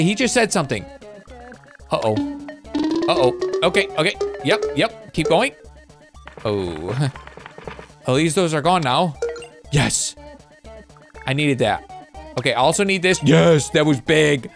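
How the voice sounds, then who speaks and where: A young man commentating his own gameplay, excitable and chatty with his viewers. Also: a little high. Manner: excitable, talks to viewers while playing. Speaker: gaming YouTuber. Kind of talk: let's play commentary.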